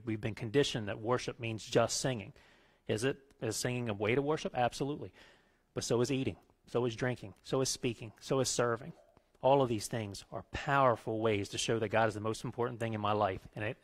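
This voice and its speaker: A middle-aged male pastor giving a conversational sermon, telling stories and building into animated rants. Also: medium pitch.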